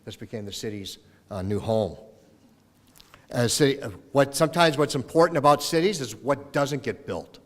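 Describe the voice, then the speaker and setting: A man's voice: medium pitch, lively intonation, normal speed. A middle-aged man from Minnesota giving a farewell speech as retiring mayor, telling folksy stories and acting out the voices in them. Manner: folksy storytelling, acts out voices in anecdotes. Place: council chamber in city hall. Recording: long reverb of a council chamber.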